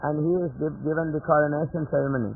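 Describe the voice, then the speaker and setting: A man's voice: a little high, steady tone, rapid-fire, vocal fry, a little hiss or hum. A man giving a devotional scripture lecture in a chatty storytelling way, chuckling at his own jokes, heard on a tinny lo-fi 1980s tape.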